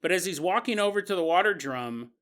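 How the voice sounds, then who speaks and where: A man hosting a podcast, telling a spooky story in an animated, conversational, jokey way. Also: high voice, fairly quick. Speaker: podcast host. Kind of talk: storytelling narration.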